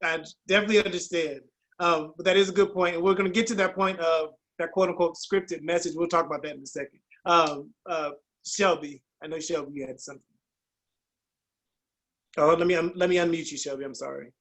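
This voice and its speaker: A man with a somewhat high voice hosts a group video call. He speaks gently and accommodatingly as he passes the floor to others. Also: steady tone, a little fast, poor audio. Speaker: call facilitator.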